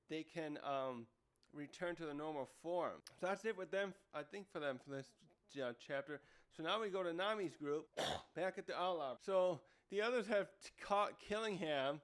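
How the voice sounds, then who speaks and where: A man casually reviewing a comic chapter, thinking aloud and often correcting himself mid-sentence. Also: a little high. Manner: rambling, thinking aloud with frequent self-corrections. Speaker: manga reviewer.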